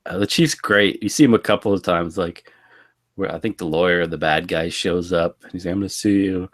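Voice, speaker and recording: Low-voiced man recapping a movie. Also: normal speed. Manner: relaxed, laughing, recounts plot. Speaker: podcast co-host. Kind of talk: casual movie commentary chat.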